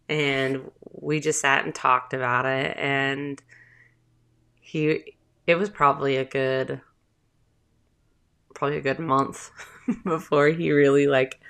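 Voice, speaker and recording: Southern mom host, thirties, low slow chatty voice, gravelly fry, rambling storyteller. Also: female voice, level tone, fairly bright tone. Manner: chatty, rambling, with filler words and laughs. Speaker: podcast host, mother. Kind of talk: casual storytelling.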